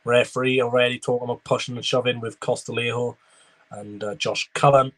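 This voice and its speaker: A man's voice: mid-range voice, flat delivery, a little fast, fairly bright tone. Chatty man giving live match reactions. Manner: chatty running commentary, reading out viewer messages. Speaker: football watchalong streamer.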